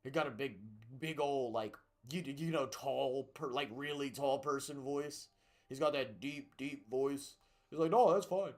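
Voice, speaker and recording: A man's voice: mid-range voice, steady tone, a little slow. Chatty young man telling rambling stories. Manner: rambling, profane storytelling. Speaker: streamer. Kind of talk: casual chat while gaming.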